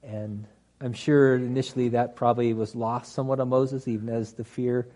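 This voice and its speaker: A man leads a Bible study class, explaining the text in a conversational, halting way. His voice is mellow and warm, sitting in a middle pitch. He restarts phrases often and drops in dry, joking asides. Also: steady tone.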